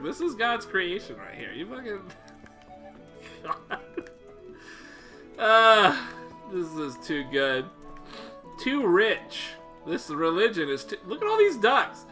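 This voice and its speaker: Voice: medium pitch, big pitch swings, takes it slowly, long pauses, bright, forceful tone, soft background music. A livestreamer giving live gameplay commentary, playful and profane, breaking into long laughing fits until in tears.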